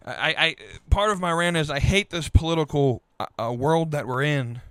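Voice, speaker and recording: A frustrated man hosts his own podcast, trading a calm tone for an exasperated rant that keeps tripping over restarts. His voice sits a little high and sounds smooth and resonant. The recording is close and dry, with no room sound around it. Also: no room sound. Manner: frustrated, halting, many restarts. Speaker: podcast host. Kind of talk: political rant.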